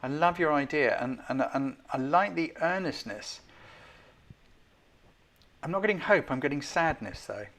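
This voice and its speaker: A man's voice: a little high, animated, measured pace, pauses often, a bit bright. A man hosting a live-stream photo critique, chatty and self-deprecating, often turning to ask viewers what they think. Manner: chatty, keeps asking viewers' opinions. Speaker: host giving photo feedback.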